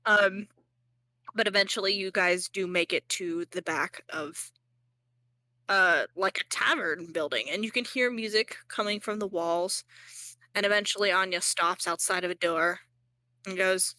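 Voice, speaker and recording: A woman's voice: mid-range voice, unhurried, pushed and bright, dry recording. A young woman narrating as game master in a casual, rambling way, full of fillers and joking at herself.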